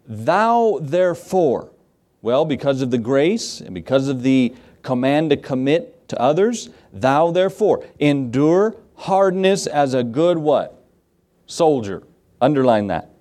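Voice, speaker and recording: Male preacher, emphatic church sermon style, fairly high-pitched. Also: a little mellow. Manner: emphatic, asks the congregation questions. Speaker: pastor.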